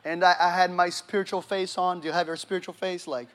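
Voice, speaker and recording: A man's voice: high voice, level tone, quick pace, fairly bright tone. A man preaching a sermon, telling a testimony with acted-out dialogue and asking the audience questions. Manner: storytelling, acts out dialogue, engages the audience.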